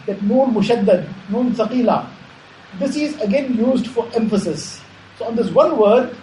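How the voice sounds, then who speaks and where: Guy preaching slow and steady, mellow tone, roomy echo, bit of background hum. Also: very high-pitched. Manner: measured, repetitive preaching with Arabic terms. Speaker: Islamic preacher. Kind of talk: sermon. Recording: echoey room, faint ambience.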